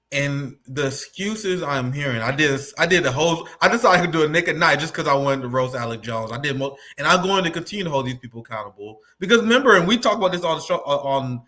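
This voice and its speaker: A man's voice: medium pitch, pushed and bright. A man co-hosting a political livestream, talking sarcastically and laughing often. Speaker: co-host.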